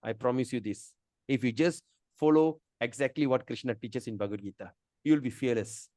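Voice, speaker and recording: A man's voice: mid-range voice, brisk, dark tone, no room sound, studio quality. A middle-aged man, teaching a scripture class in a chatty, emphatic way. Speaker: Gita teacher.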